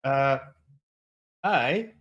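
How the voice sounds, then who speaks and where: A man's voice: medium pitch, animated, extremely slow, a bit bright, dull audio. A man talking through a duet tabletop game. He hesitates often, with plenty of fillers, and keeps a playful tone. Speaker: player.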